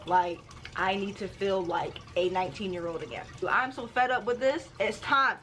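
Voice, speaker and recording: A woman's voice: medium pitch, moderate pace, a bit bright, a little hiss or hum. A woman hosting her own book vlog, chatting casually and playfully straight to her viewers. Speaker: booktuber vlogger.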